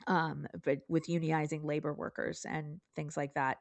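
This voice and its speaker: A woman's voice: low-pitched, little pitch movement, normal speed, darkish tone, dry recording. A woman co-hosting a podcast, talking earnestly and emphatically in casual political discussion. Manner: earnest, emphatic, pleading at times. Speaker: podcast co-host.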